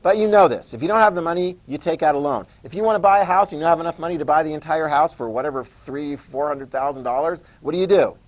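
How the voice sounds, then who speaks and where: A man's voice: fairly high pitch, fast, few pauses, poor audio. A man teaching a history class in a joking lecture style, quizzing students and acting out quotes.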